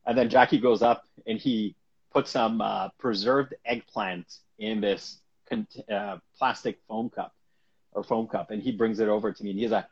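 A man's voice: medium pitch, normal speed, breathy edge. A man, an actor, telling a story as a guest in a casual interview, laughing often and acting out the people he quotes. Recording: dull lo-fi recording.

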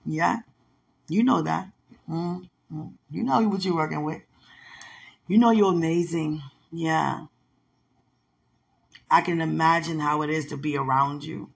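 A woman's voice: sits low, creaky, husky. A middle-aged woman in casual, affectionate chat, rambling through loose stories.

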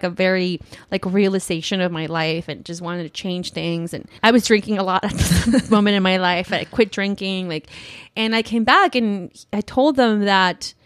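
A young woman telling a personal story on a podcast, loose and rambling, with "like" in nearly every sentence. Her voice sits at a middle pitch for a woman. The sound is close and dry, with almost no room around it. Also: no room sound. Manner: rambling, heavy use of "like", emotional.

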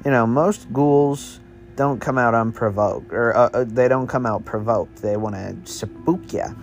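A man's voice: mid-range voice, a little slow, faint music behind, close to an everyday voice. A man voicing an eager young male ghost hunter, calling out keen questions in a slightly raised voice.

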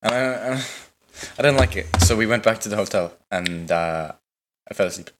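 A man's voice: fairly low pitch, moderate pace, a bit bright, a little hiss or hum. A teenage man co-hosting a podcast in casual chat, rambling with lots of "like", swearing and giggling. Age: late teens. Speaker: podcast co-host.

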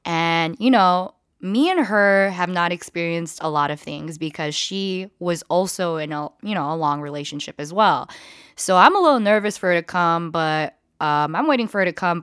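A woman in her twenties casually telling a story, animated and swearing freely, with squealed quotes. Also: on the low side, no room sound, clean studio sound. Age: 20s.

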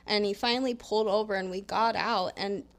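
Young woman co-host, casual podcast chat, rambling storyteller who swears freely and fills pauses with "um". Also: mid-range voice, steady tone. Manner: rambling storytelling, heavy swearing, many fillers.

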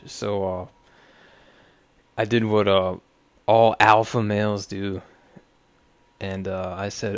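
A man's voice: fairly low pitch, flat delivery, takes it slowly, long pauses, no room sound. A young man hosting a podcast, talking in a rambling, profane, sardonic way. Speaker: podcast host. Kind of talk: casual solo podcast rant.

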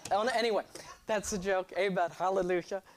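A young man preaching a sermon, animated and joking, drawing responses from his congregation. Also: high-pitched, quick pace. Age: 20s. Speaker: pastor.

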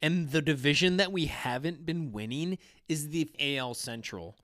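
Podcast co-host, male, emphatic and excitable, smooth voice, close dry sound. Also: fairly high pitch, normal speed, no room sound. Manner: emphatic, excitable, swears casually. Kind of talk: casual sports podcast banter.

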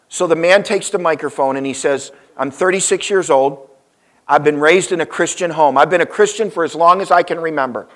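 Storytelling male preacher, rising emphasis. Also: fairly quick. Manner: storytelling preacher, swings between loud emphasis and soft low asides. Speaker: pastor. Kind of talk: sermon.

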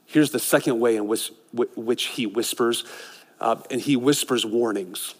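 A middle-aged man preaching a sermon as a pastor, swinging between loud excited passages and hushed, intimate ones. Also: mid-range voice, measured pace. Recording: long hall reverb.

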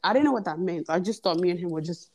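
Children sound in the background as a young woman, a podcast guest, talks fast in a fairly low voice. Animated in casual chat, she spins a long story and performs the other people's quoted lines.

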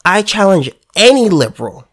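A political commentator delivers a heated, sarcastic monologue with a lively, swinging pitch. The voice is emphatic and keeps tripping over itself, repeating words before pushing the point home. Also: moderate pace. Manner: emphatic and sarcastic, with frequent stammered restarts.

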